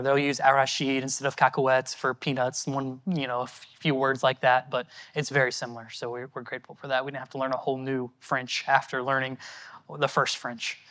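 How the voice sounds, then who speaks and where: A man's voice: medium pitch, fairly bright tone. A man from the United States, a missionary answering audience questions at a church in an earnest, conversational and thankful way.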